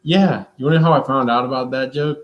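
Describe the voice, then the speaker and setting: A man's voice: medium pitch, fast talker, highs cut off. A young man with a slight country twang, joking around in a casual family chat. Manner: relaxed, joking, lively intonation.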